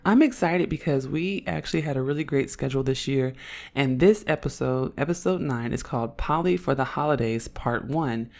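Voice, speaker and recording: A woman in her thirties from Oakland with an Oakland accent, co-hosting a podcast in casual banter, her voice hoarse and raspy, playful and blunt. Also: a bass voice, normal speed, darkish tone. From Oakland, California. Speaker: podcast co-host.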